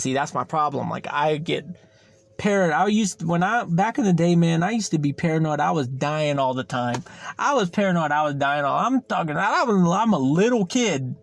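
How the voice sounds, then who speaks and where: A young podcast host with a slightly high, creaky voice chats casually on his own. He rambles, repeats himself, and swears freely.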